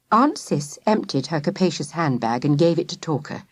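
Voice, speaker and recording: A woman's voice: low-pitched, expressive, normal speed, no echo. Woman reading a kids book aloud, voice swings up and down a lot, dry close sound. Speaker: audiobook narrator. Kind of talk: storybook narration.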